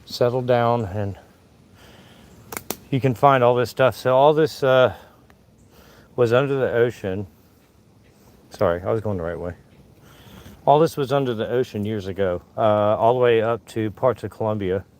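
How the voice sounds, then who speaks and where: A man's voice: mid-range voice, moderate pace, long pauses, darkish tone. An older man with a Southern American accent, out of breath from climbing a hill, chatting casually to viewers as he hunts fossils outdoors. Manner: chatty, folksy, talking to viewers while searching. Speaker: fossil hunting vlogger. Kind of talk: casual live narration while hunting outdoors. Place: outdoors on a dirt hillside.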